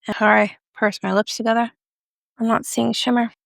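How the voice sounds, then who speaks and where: Woman, beauty vlogger, casual makeup review, playful and jokey, fry in the voice, dry close sound. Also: on the high side, flat delivery, moderate pace, a bit bright, no room sound. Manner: playful, chatty, jokey asides.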